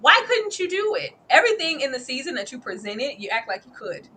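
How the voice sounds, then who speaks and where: A woman hosting a casual chat show, talking in an animated, emphatic way full of slang. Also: sits high, a little fast, a little hiss or hum. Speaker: host.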